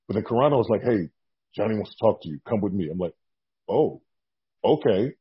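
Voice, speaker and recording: A husky, low-pitched man recounts a story in a relaxed interview, switching into quick impressions of the people in it. The sound is a bit dull and lo-fi. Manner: animated storyteller acting out quotes. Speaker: guest, former wrestler.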